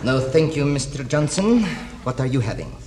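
A man's voice: mid-range voice, big pitch swings, normal speed, close to an everyday voice. A man playing a put-upon foreign leader, wry. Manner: mock foreign-leader voice with Yiddish turns. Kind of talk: comedy sketch recording. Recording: noisy roomy old recording.

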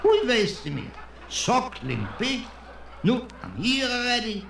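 A man doing an excitable joke character. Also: fairly high pitch, a little slow, reverberant, a little hiss or hum. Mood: excited. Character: excitable Jewish man tempted by forbidden food.

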